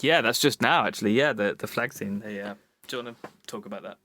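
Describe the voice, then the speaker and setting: A man's voice: lowish voice, fast talker, very noisy. A man co-hosting a casual film podcast from home over an internet call, rambling and self-conscious about talking too much. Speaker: podcast co-host. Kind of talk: casual chat. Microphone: remote internet call.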